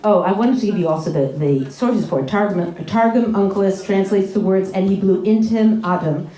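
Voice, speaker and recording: A woman giving a live workshop talk to an audience, chatty and animated, often laughing and acting out little arguments. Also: medium pitch, fairly quick. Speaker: relationship workshop speaker. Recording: echoey room with audience.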